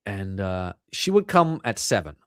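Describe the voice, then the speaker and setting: A man being interviewed about his book, telling anecdotes in a casual, animated way and acting out the dialogue. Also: on the low side, a little slow, clear, resonant tone, dry recording, studio quality. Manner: animated, acts out quoted dialogue. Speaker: author guest.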